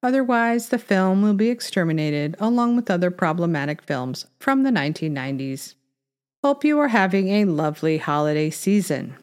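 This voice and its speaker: A woman's voice: fairly low pitch, lively intonation, normal speed, darkish tone, clear, resonant tone. Woman narrating a satirical story.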